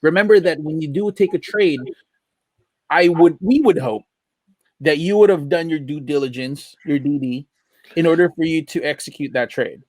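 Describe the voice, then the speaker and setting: A man's voice: fairly high pitch, moderate pace, dry recording. Upbeat man co-hosting a podcast. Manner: animated, laughs a lot, jokey. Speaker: podcast co-host. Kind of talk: casual chat.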